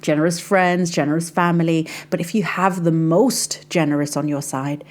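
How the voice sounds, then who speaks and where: Her voice is low and steady, moving at an ordinary pace. As a life coach running a laid-back faith podcast, she addresses the listener directly and warmly as "sis," confiding like a friend and frequently dropping in "like."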